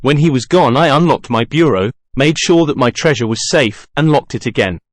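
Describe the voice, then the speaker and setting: A man narrating an audiobook in first person, measured, with dramatic outbursts. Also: mid-range voice, dry recording, clean studio sound.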